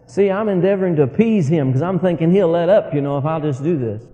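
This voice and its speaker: A man's voice: fairly high pitch, fast talker, big-room sound, lo-fi sound. A man preaching a sermon as a folksy story, often chuckling as he talks. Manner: folksy, animated, laughs while telling his story.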